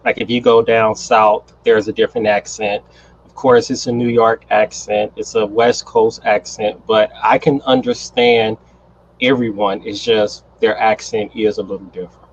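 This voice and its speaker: An American man teaching English in a relaxed, friendly way on a video call, agreeing often and laughing a lot. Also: fairly low pitch, normal speed, a little hiss or hum. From United States. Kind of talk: casual conversation on a video call. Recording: husky voice over a dull, lo-fi call line.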